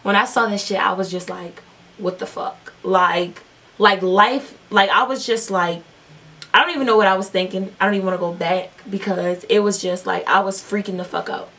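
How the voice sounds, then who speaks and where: A woman's voice: medium pitch, steady tone, a little fast, fairly bright tone, recorded from a distance. A young woman telling a long, profane storytime while doing her makeup, rambling with lots of fillers. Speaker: beauty vlogger.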